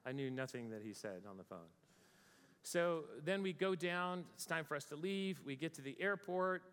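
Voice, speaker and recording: A man's voice: fairly high pitch, animated, moderate pace, fairly bright tone, clean tone. An American man telling a story about his own travels to a live audience, acting out his panic in a raised voice. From United States. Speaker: speaker. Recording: long reverb of a large hall.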